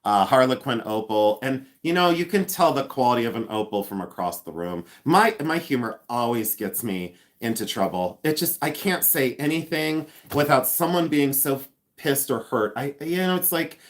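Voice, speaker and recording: A man's voice: mid-range voice, expressive, moderate pace. A man hosting a casual live stream, chatty and rambling, laughing often and joking with sarcasm. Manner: sarcastic humor.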